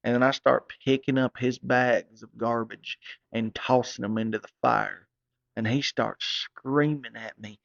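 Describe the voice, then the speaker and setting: Male storyteller, profane and excitable, mid-range voice; dull, dry audio. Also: medium pitch, gravelly, no echo. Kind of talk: crude comic storytelling.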